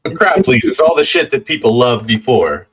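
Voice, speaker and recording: A man's voice: medium pitch, big pitch swings, moderate pace, a bit bright, slightly rough, poor audio. Male player, casual anecdote teller, mid-range voice. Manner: chatty, anecdotal. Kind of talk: casual chat in a tabletop game.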